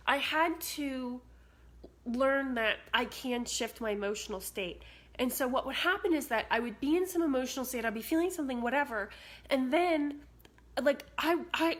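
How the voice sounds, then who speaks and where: A woman's voice: on the high side, a bit bright. A woman talking casually to her phone camera indoors, bubbly and chatty, with many "like"s. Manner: chatty, bubbly, says "like" a lot. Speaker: spiritual vlogger. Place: indoors at a house with cats.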